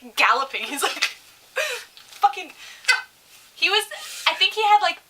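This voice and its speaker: Young woman co-host, bright voice, animated swearing storyteller. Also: extremely high pitch, unhurried, recorded from a distance, low-quality recording. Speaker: podcast co-host. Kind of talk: casual storytelling chat.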